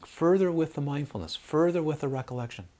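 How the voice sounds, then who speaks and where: Man, meditation teacher, husky voice, animated storytelling, repeats himself. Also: on the high side, brisk. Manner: storytelling with repetitions and acted-out quotes. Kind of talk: dharma talk.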